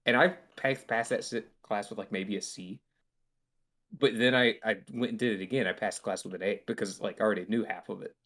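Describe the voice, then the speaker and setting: A man's voice: on the low side, fairly even intonation, brisk, a bit bright. A young man hosting a podcast, telling a long, rambling story with casual swearing and acted-out quotes. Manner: rambling storytelling with profanity and laughter; acts out quoted voices. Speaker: podcast host. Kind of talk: casual chat.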